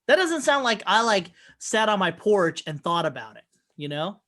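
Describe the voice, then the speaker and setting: A man's voice: sits high, big pitch swings, moderate pace, fairly bright tone. A man co-hosting a casual podcast, rambling and swearing as he tells stories and acts out what people said. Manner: rambling, profane storyteller who acts out quotes. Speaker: podcast co-host. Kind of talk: casual chat. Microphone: remote call mic.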